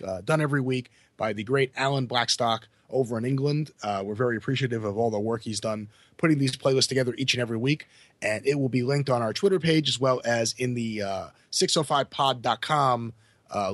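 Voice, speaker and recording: A man co-hosting a podcast in casual chat, animated and quick to laugh. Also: medium pitch, no echo. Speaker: podcast co-host.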